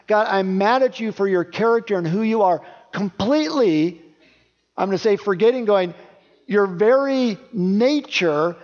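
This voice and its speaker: A man's voice: high voice, darkish tone, long reverb tail. A man preaching a sermon as pastor, talking in a conversational way and asking his listeners questions. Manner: conversational, asks the congregation questions. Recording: dull lo-fi recording.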